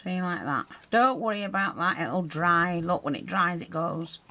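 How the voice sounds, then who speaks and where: A woman's voice: fairly low pitch, moderate pace, sharp tone, slight background noise. A woman teaching a hands-on craft tutorial, chatting and explaining as she works, her breathing audible while she concentrates.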